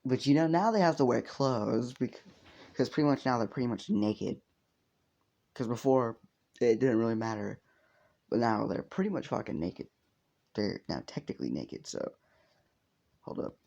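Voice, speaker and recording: A man's voice: medium pitch, expressive, normal speed, gravelly, long pauses, dark tone, dull audio. A man casually telling a fan story, rambling with lots of fillers and swearing.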